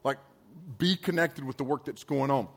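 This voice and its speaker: A man's voice: medium pitch, normal speed, creaky, fairly bright tone. A man, a pastor, giving a sermon in a church service with chatty, storytelling asides and slang. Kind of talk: sermon to a youth audience.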